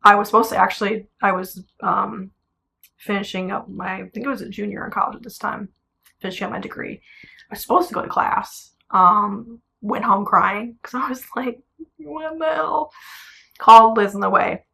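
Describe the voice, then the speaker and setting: Young female singer for a vlog, blunt and animated with a gravelly edge. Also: medium pitch, a little fast. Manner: animated, blunt, swears casually. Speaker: singer telling her story. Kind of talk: casual storytelling vlog. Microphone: camera.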